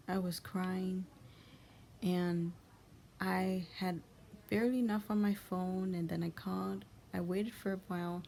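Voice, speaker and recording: A young woman, a channel host, giving a heartfelt monologue of encouragement in a soft, often half-whispered, gentle and comforting way. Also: lowish voice, a little hiss or hum. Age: young adult.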